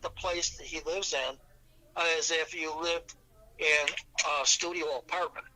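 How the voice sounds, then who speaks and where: A man's voice: fairly high pitch, steady tone, unhurried, pushed and bright, slight background noise, rough recording. A man on a call, explaining at length in a rambling way. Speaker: family caregiver. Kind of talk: phone conversation.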